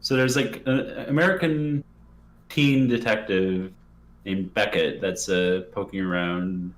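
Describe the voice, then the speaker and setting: A man acting as game master, brisk and organizing as he runs a character creation session. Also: on the low side, reverberant.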